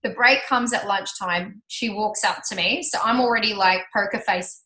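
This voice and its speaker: Bright-voiced woman telling a lively story. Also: medium pitch, normal speed. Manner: animated, chatty, laughs often and acts out quoted voices. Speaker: speaker sharing her business success story. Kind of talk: storytelling talk to an audience. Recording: roomy hall reverb.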